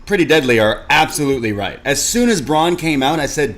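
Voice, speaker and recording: Excitable, joking man, podcast co-host, rambling wrestling banter. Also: a little high, brisk.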